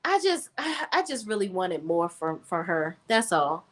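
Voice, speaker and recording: A woman's voice: on the low side, very animated, unhurried, fairly bright tone. A woman co-hosting a casual gossip chat, emphatic and sassy, tossing in "okay?" and "honey" often. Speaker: podcast co-host.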